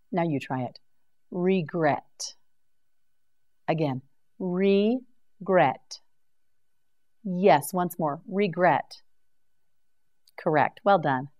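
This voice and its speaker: Woman teacher, lowish voice, very slow, careful word-by-word drilling. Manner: slow, carefully articulated, repeats words for practice. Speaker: English vocabulary teacher. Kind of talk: slow scripted vocabulary drill.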